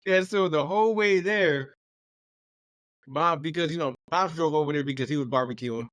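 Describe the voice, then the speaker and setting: Animated young man telling stories, dry sound. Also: fairly high pitch, normal speed, dry recording. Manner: animated, laughs while telling stories, acts out quoted voices. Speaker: podcast co-host. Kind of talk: casual storytelling.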